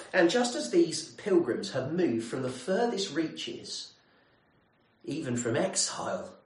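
A man's voice: a little high, reverberant, poor audio. A man preaching a sermon in a conversational way, often putting questions to the congregation.

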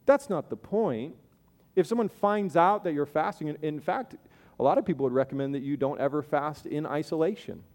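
A man's voice: mid-range voice, darkish tone, in a large hall. A man preaching a sermon as pastor, conversational, with playful asides and acted-out voices of the people he describes.

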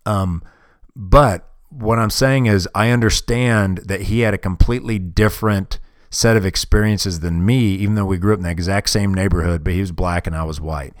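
A deep-voiced man in his forties talks at a moderate pace in a casual podcast monologue he hosts. He's blunt and profane, rambles, and often starts sentences over. The sound from his podcast microphone is dry and studio quality.

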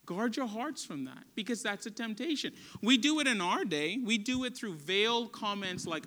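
Brief: male pastor, high and sharp-toned, earnest conversational sermon. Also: lively intonation, normal speed, hardly any pauses. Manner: earnest, emphatic, conversational preaching.

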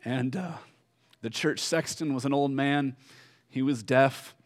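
A male pastor with a mid-range voice tells a story in his sermon, slowly and with fillers and pauses. At solemn moments his voice drops soft.

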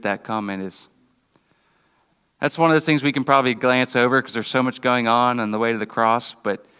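A man with a bright, smooth, forceful voice of medium pitch preaches a sermon in a church hall. He tells it conversationally like a story, often restarting his sentences, and the hall's long reverb carries through the recording.

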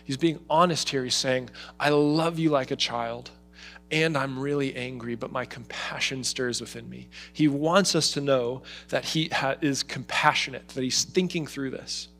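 A man's voice: medium pitch, moderate pace, vocal fry, faint music behind. Man preaching with pleading passion. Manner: expressive, voices God's pleading in emotional asides. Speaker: pastor. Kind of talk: sermon.

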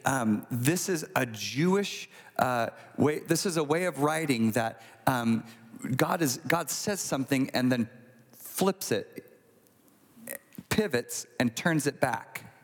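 A man preaching a sermon, retelling a scripture story in a conversational, animated way with acted asides. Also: medium pitch, slow pace. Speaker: pastor. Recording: long hall reverb.

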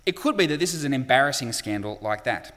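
A man's voice: medium pitch, lively intonation, fast, a bit bright, in a large hall. A man preaching a sermon in a conversational way, with frequent fillers and acted-out quotes.

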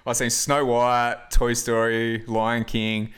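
A man's voice: medium pitch, monotone, takes it slowly, a bit bright, smooth. A man hosting a casual film review podcast, rambling with lots of fillers and frequent laughs. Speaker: podcast host.

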